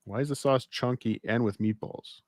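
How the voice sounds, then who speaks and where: A man co-hosting a casual chat podcast at a middle pitch. He reads a story aloud and drops wry, deadpan asides, on a close, dry mic with no room sound. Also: moderate pace, dry recording. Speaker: podcast co-host.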